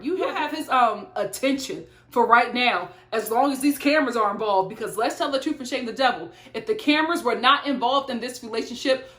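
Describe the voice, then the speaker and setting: A woman's voice: fairly high pitch, fairly bright tone, echoey room. A woman reviewing a TV show in blunt, sassy casual chat, talking straight to her viewers.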